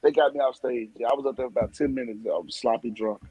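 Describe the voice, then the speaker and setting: A man, a comedian telling loud, laughing stories in casual podcast chat and swearing freely. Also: mid-range voice, fast, husky, low-quality recording. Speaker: comedian guest.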